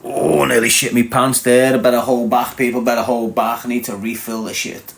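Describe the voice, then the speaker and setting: A Scouse man in his forties talks on a live stream, brash and loud-mouthed. He swears freely and mocks his viewers with crude humor. His voice sits at an ordinary middle pitch for a man. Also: level tone, moderate pace, gravelly. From Liverpool, England. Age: 40s.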